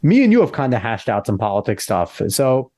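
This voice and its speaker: A man's voice: mid-range voice, wildly swooping pitch, fairly quick, mellow, no room sound, studio quality. A man in his thirties hosting a casual podcast chat, sounding congested and nasal from a cold, chatty and joking. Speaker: podcast host.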